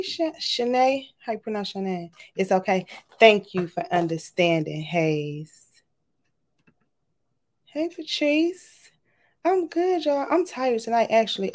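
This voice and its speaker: A woman, hosting a casual craft livestream from home, chatting and greeting viewers by name in an animated way. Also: mid-range voice. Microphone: webcam or laptop camera.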